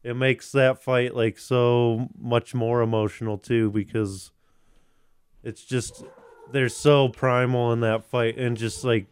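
A man's voice: medium pitch, level tone, slow, clear, resonant tone, no echo. A man hosting a podcast, chatting casually, rambling, swearing and restarting often. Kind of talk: casual chat.

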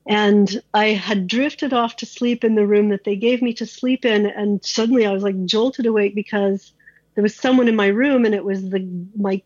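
A woman's voice: medium pitch, a little mellow, husky, no echo, dull audio. A woman being interviewed, recounting a personal story in a candid, conversational way, with many "like"s and restarts.

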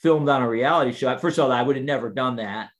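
A man in his fifties, speaking as a guest in an easygoing interview. He talks thoughtfully and hesitantly, often restarting his sentences. His voice sits at an average pitch. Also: fast talker. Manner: reflective, hesitant, with frequent restarts. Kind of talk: casual conversational interview.

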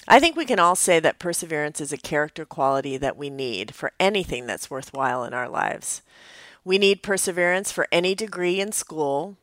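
A low-pitched woman gives a devotional teaching, earnest and reflective in tone. She talks conversationally, as if to a friend. The sound is dry and close, with no room echo. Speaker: pastor.

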